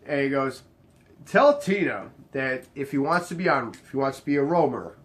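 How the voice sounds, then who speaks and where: A young man casually telling a bartending story, acting out each exchange with sudden jumps up in his voice. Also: normal speed. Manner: animated, acts out the dialogue, jumps high in pitch when quoting others.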